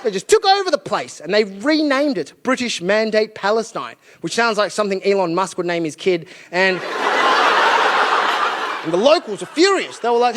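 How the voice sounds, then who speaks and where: High-voiced Australian comedian on stage. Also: male voice, expressive, fast. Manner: sardonic, mocking, slips into put-on voices. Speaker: stand-up comedian. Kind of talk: stand-up comedy set. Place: comedy venue with a live audience. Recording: noisy live stage recording.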